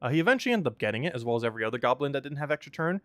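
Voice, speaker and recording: Lively chatty young man streaming a game. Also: mid-range voice, very fast. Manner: chatty, laughs often, many fillers. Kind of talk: casual live-stream commentary.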